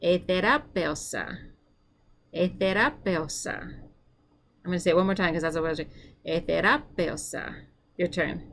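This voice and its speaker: A woman's voice: fairly low pitch, level tone, a little fast, pauses often. A woman teaching a vocabulary lesson, repeating each word for the learner and chatting casually as she corrects herself. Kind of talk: drill-style vocabulary lesson.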